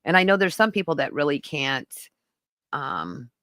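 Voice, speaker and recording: A woman's voice: low-pitched, big pitch swings, moderate pace, a bit bright, dry recording. A woman hosting a podcast live stream, talking casually and rambling to viewers in the chat. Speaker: podcast host.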